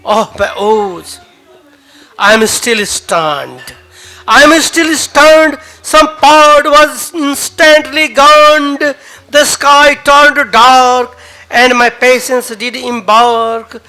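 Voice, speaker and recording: A man with a Nepali accent performs spoken word poetry at a cafe open mic. His voice sits high and bright, and he delivers each line slowly and dramatically, repeating phrases for emphasis. Faint music plays in the background. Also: smooth. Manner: dramatic, emotive recital with pauses and repeated lines.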